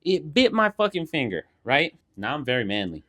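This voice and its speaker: His voice sits on the high side and moves at a moderate pace. A young podcast co-host holding a handheld mic, he tells casual stories animatedly, swearing plenty and performing each scene.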